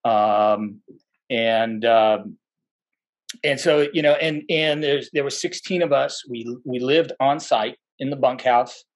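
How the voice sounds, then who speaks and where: A man's voice: medium pitch, slow pace. A man who is a podcast guest, telling stories in a rambling, casual way with many fillers and restarts, and livening up when he quotes people. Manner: animated when quoting people.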